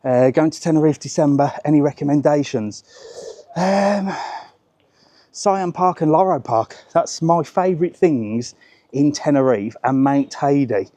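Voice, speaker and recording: A man's voice: on the high side, unhurried, mellow, dry recording. A man with a Birmingham accent, chatting casually as he walks outdoors on a live travel vlog, full of informal slang. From Birmingham, England. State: out of breath. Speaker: travel vlogger. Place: outdoors on a hillside street.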